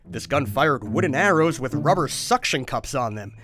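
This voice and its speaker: A man's voice: mid-range voice, animated, moderate pace, fairly bright tone. A man hosting a comedic toy history show, jokey and exasperated, his voice cracking upward when flustered. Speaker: host.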